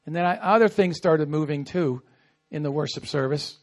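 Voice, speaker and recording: A man's voice: on the high side, moderate pace. A man preaching a sermon as a pastor, telling stories animatedly and acting out quoted asides. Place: church.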